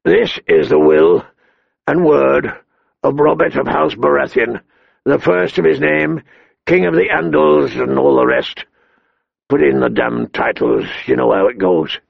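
A man voicing a hoarse, hot-tempered dying king who talks gruffly and halts with pain, in a dull lo-fi dry recording. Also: medium pitch, sing-song, no room sound, heavily acted. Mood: commanding. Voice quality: hoarse, gravelly. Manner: gruff, blustering, halting with pain.

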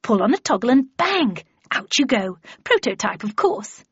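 A woman voicing a brisk, plucky middle-aged aunt who tests inventions, in a storybook reading. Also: a little high, sing-song, slightly rough, no echo, lo-fi sound, heavily acted.

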